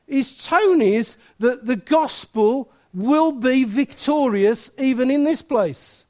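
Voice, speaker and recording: A man preaching a sermon in a lively, joking way, with sudden loud outbursts. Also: very high voice, slow pace.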